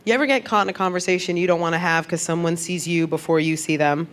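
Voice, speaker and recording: A woman performs stand-up comedy on a club stage, her delivery animated and acted out. She swings her voice up high whenever she quotes somebody. A clear layer of room noise sits under her. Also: fast. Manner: animated, acts out quoted voices with big pitch jumps.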